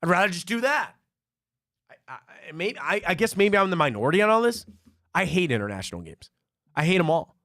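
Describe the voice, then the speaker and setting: A man's voice: sits high, very animated, a little fast, bright, forceful tone, no echo, clean studio sound. A man hosting a sports talk show, ranting casually with opinionated rhetorical questions.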